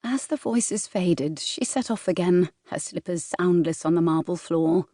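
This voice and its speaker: A woman narrating a romance novel in a smooth, measured storytelling voice, recorded close in a studio. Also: on the low side, mellow, no room sound. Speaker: audiobook narrator. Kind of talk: scripted narration. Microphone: studio microphone, close.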